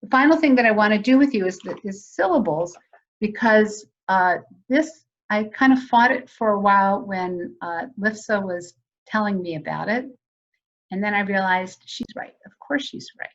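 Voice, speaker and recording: A woman's voice: medium pitch, normal speed, highs cut off. A woman presenting a virtual teacher training session in a conversational, explanatory way, putting questions to her audience.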